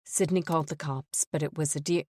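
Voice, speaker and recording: A woman reading an audiobook, voicing a timid, frightened captive wife who speaks quietly. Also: low-pitched, steady tone, a little fast, no echo, studio quality.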